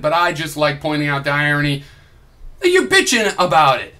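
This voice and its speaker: Young guy ranting on a vlog, sarcastic and sweary, kinda high bright voice. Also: big pitch swings, moderate pace. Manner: combative, profane, sarcastic ranting. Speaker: video blogger. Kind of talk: heated reply vlog.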